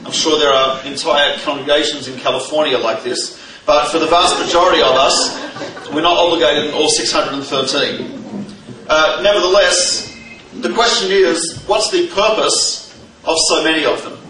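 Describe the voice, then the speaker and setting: A man giving a religious lecture, an animated storyteller who mixes in jokes. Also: fairly high pitch, moderate pace, crowd noise. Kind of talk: lively teaching lecture with stories and jokes. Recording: roomy, distant mic, faint background noise.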